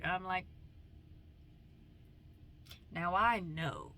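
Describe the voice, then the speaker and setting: A young woman with rambles playfully in casual vlog chat. Her voice is bright and forceful, and she slips into whispers now and then. Faint background noise sits under her voice. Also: lowish voice, expressive, a little slow, long pauses. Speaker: vlogger.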